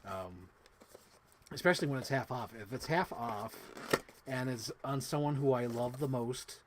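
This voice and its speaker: A man's voice: a little slow, noisy background. Gushing rambling man unboxing toys. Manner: rambling, lots of fillers, casual swearing; bursts into high-pitched gushing excitement. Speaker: toy collector vlogger. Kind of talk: casual unboxing chat.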